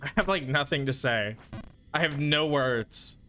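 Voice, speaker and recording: A man streams a game and chats casually, muttering to himself through his frustration, soothing himself between bursts. His voice is a little high, with an unhurried pace and a sharp tone, and faint music plays behind him.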